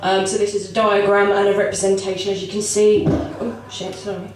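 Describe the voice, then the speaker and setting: A young stand-up comedian with a cold rambles through a self-deprecating set at a comedy club, giggling between asides. She speaks fairly quickly in a level, mid-range, darkish voice, and the echoey room is recorded from a distance, with the live audience audible.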